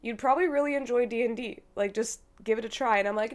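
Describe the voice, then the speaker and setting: A woman's voice: a little high, fast talker, few pauses. A young woman streamer chatting casually with her brother, rambling and hesitant with many fillers, sounding feverish. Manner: rambling, hesitant, full of likes and ums, laughs often. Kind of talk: casual chat.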